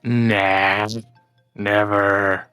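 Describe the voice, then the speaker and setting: A man's voice: lowish voice, little pitch movement, extremely slow, bright, forceful tone, clear, resonant tone, dry recording, soft background music. A man playing a tabletop game online, laid-back and chuckling as he rolls dice. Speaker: player. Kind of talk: casual chat while playing a tabletop game.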